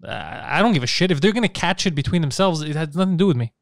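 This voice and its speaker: A man's voice: on the high side, expressive, rapid-fire, dry recording, studio quality. A man hosting a podcast, teasing his co-hosts in crude, profane banter and laughing often. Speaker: podcast host.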